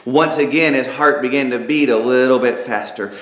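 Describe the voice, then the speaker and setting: A man narrating an inspirational story aloud, dramatic and lively, with spoken sound effects. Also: medium pitch, normal speed, hardly any pauses. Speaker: author and narrator. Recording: echoey room.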